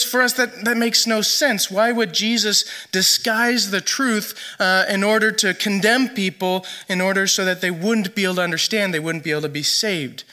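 Bright high-voiced male preacher. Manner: conversational preaching with animated quoted lines. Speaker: pastor. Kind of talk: sermon.

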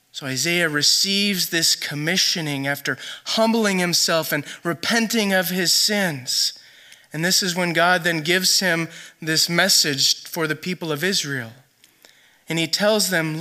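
A man preaching a sermon in a conversational way, acting out the lines he quotes with lively emphasis. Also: high-pitched, measured pace. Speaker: pastor.

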